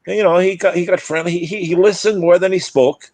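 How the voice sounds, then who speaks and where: An older former player and broadcaster telling stories in a rambling way, restarting sentences and acting out quotes. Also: male voice, high voice, steady tone, fast talker, a little mellow, no room sound. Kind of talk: casual storytelling chat.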